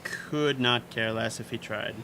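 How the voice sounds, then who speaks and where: A man's voice: mid-range voice, fairly even intonation, unhurried, sharp tone. A man acting as game master, narrating a tabletop game in a loose, laughing way full of fillers.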